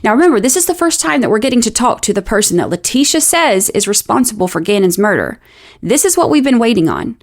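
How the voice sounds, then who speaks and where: Her voice a little high with big swings in pitch, a woman hosts a true-crime podcast. She narrates from a script, calm and explanatory, with a slightly sardonic bite.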